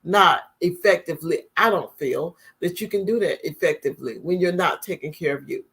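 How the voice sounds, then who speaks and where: A woman's voice: on the low side, normal speed, fairly bright tone, slightly rough. Earnest woman host giving heart-health advice. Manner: earnest, repeats her points as direct advice. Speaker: talk show host. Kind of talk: motivational talk to viewers.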